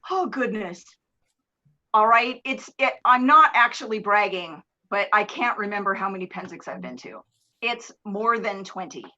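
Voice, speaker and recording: A woman guest on a live streamed talk show, telling stories in a lively, casual way and acting out the people in them. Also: medium pitch, normal speed. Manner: animated, swears casually, acts out voices. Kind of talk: casual storytelling. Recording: dull lo-fi stream audio.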